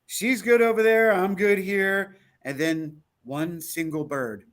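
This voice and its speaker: Male co-host, rather high voice, lively storyteller who acts out quotes. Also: takes it slowly. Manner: animated storyteller, acts out quotes, laughs often. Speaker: podcast co-host. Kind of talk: casual chat recounting a trip.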